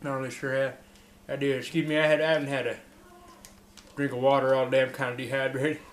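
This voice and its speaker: A man's voice: mid-range voice, level tone, brisk, echoey room. A man rambling through an improvised comic monologue as a mock interviewee, drawling with fillers and laughs.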